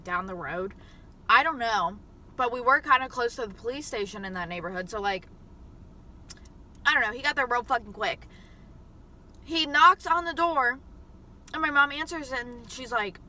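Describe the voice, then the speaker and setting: Bright-voiced young woman telling a story. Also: on the high side. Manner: profane, chatty and animated. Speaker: mukbang vlogger. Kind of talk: casual storytelling to camera.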